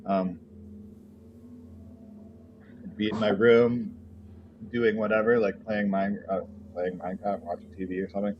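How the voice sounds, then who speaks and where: A man's voice: fairly low pitch, little pitch movement, a little slow, pauses often, noisy background. A young man streaming a game, telling a rambling personal story full of fillers and swearing. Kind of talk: casual rambling story while gaming. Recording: dull lo-fi mic, faint game music.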